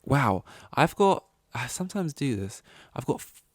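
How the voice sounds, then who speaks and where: A man's voice: mid-range voice, big pitch swings, unhurried, no echo, studio quality. A man hosting a solo podcast, rambling and self-deprecating, swearing as he acts out awkward conversations. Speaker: podcast host.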